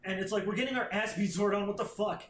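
A man's voice: high-pitched, fairly even intonation, fast, slight background noise. A man on a podcast casually recapping a comic plot, rambling and swearing, acting out characters' lines. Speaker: podcast co-host. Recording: roomy echo.

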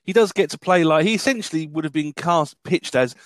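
A man talking films in a casual chat, rambling and jokey with a slightly raised voice. He keeps breaking into quick impressions of the characters. The sound is close and dry. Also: fairly high pitch, no echo. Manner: rambling, jokey, acts out quoted lines. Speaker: film podcast co-host.

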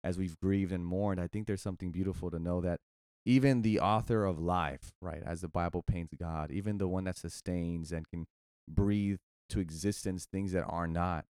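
Deep-voiced man, casual and animated. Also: moderate pace, smooth, no echo, studio quality. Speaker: podcast co-host. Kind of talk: casual faith discussion.

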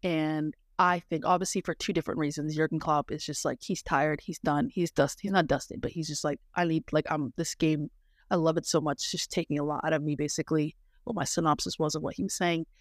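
A young woman co-hosting a casual chat podcast, talking in a chatty, animated way with quick asides. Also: deep voice, dry recording, studio quality. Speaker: podcast co-host.

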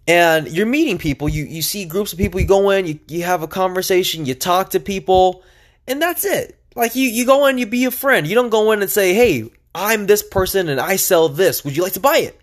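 A young man talking alone on his podcast in a casual, energetic and chatty way, with lots of fillers and restarts. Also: high voice. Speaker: podcast host. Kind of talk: casual solo podcast monologue.

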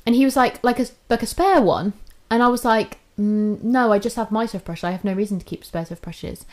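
A young woman with a fairly high, slightly quick voice tells a story casually on a podcast. She's animated, swears a lot, and acts out what people said.

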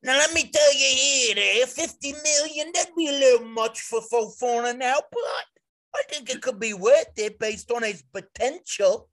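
A podcaster voicing a smug, know-it-all male online football fan with a slow drawl. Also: sits high, a bit bright, pitched above the performer's own voice.

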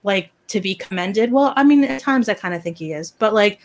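A woman chatting casually as a podcast host, ranting in an animated, opinionated way. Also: mid-range voice, a little fast. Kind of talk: casual chat.

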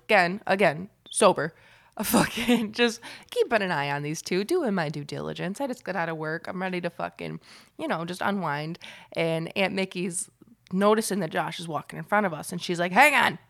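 A young woman co-hosting a podcast, telling stories in a loose, animated way, swearing freely and laughing often. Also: lowish voice, normal speed, gravelly. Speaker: podcast co-host. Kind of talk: casual storytelling chat.

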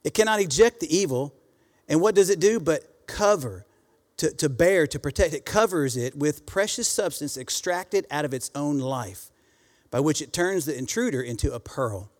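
A man's voice: a little high, lively intonation, normal speed. A man preaching a sermon to a congregation, calling out for responses and reading scripture aloud. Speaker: pastor. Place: church sanctuary. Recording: church hall reverb.

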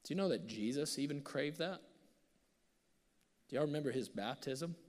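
A male pastor preaching a sermon, swinging from loud bursts to hushed, near-whispered passages. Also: fairly high pitch, lively intonation, moderate pace. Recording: long reverb of a large hall.

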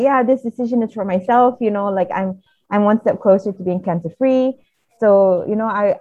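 A woman's voice: on the low side, dry recording. A woman, a podcast guest, telling a personal story in an earnest, reflective way, often restarting her sentences. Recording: tinny phone-like sound.

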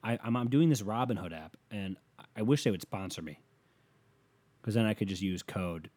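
A man's voice: lowish voice, normal speed, darkish tone. A man hosting a solo podcast, ranting in a rambling, profane way, with a slight lisp on his s sounds. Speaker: podcast host.

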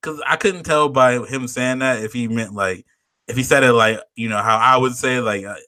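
A man's voice: mid-range voice, normal speed, sharp tone, no room sound. A young man co-hosting a podcast, rambling through a story in casual chat, laughing and swearing a lot. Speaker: podcast co-host.

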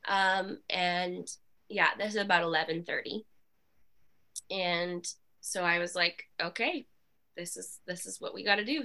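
A woman guest on a podcast recounts her story candidly. Her voice has a bright, crisp edge, and she talks in an animated way with many fillers. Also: medium pitch. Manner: animated, with frequent fillers and laughs.

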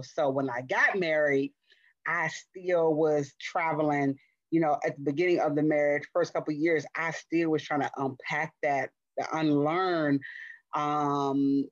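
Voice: mid-range voice, no echo, dull audio. A guest in their forties from Cincinnati, telling a candid personal story in a reflective, frank way and laughing easily. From Cincinnati, USA.

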